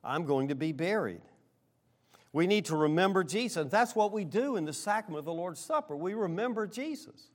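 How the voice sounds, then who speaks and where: A middle-aged man preaching a sermon, earnest, rising on key lines and dropping low for quiet asides. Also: expressive, normal speed. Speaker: pastor.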